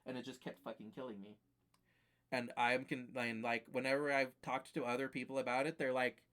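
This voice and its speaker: A man's voice: medium pitch, level tone, brisk, a bit bright. A man streaming live, ranting casually and profanely about games that beat him, rambling with fillers.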